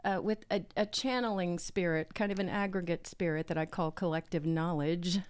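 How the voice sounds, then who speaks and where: A woman's voice: on the low side, fairly even intonation, moderate pace, clean tone. Southern lady hosting a tarot podcast, playful and chatty, kinda sing-songy. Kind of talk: casual chat with tarot reading.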